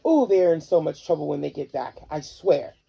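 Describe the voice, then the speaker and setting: A grumpy older male explorer from a storybook who snaps and grumbles in a gravelly voice, as a reader puts him on. His tone is dark and husky. The recording is dull, with faint music behind. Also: mid-range voice, animated, brisk. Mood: gruff. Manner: gruff, snapping.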